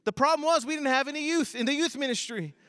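A man in his thirties preaching a sermon, moving between loud emphatic lines and quiet low asides. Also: quick pace. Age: 30s. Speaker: pastor.

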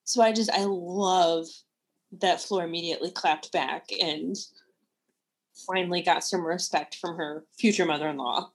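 A woman co-hosting a casual book-talk show, enthusiastic and quick to laugh as she gives her opinions. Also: lowish voice, fairly even intonation. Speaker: podcast co-host.

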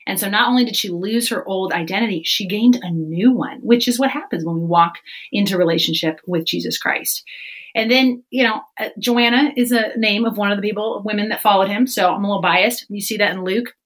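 A woman on a faith podcast, talking fast and animated and acting out the voices she quotes. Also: medium pitch, slightly rough, poor audio. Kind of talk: casual faith podcast chat.

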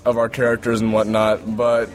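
A man's voice: lowish voice, completely flat delivery, normal speed. A man interviewed as an actor on a film set, chatting casually and joking about himself. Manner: joking, self-mocking. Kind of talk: casual behind-the-scenes chat.

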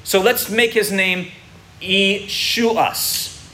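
A man with a bright, forceful voice and a slightly high pitch teaches a congregation in a sermon. He explains step by step and often checks that his listeners are following. Faint room ambience sits behind him. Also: normal speed, a little hiss or hum.

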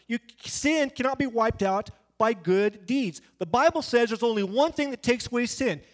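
Man, preacher, high voice, emphatic, conversational sermon. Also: animated, moderate pace. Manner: emphatic and conversational, acts out quoted voices in anecdotes. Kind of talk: evangelistic sermon.

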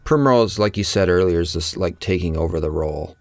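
Man, co-host, chatty, lowish voice, dry recording. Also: fairly quick, gravelly, no room sound. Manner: chatty, chiming in with comments. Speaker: podcast co-host. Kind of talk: casual movie recap chat.

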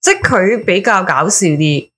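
A woman in casual chat, chiming in with quick side remarks. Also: mid-range voice, lively intonation, fairly bright tone.

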